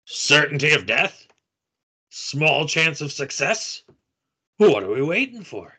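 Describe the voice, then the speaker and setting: A man doing an impression of a gruff, boastful male dwarf warrior, speaking slowly and theatrically. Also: on the high side, very animated, sharp tone, heavily acted. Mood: bold. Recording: dull lo-fi sound.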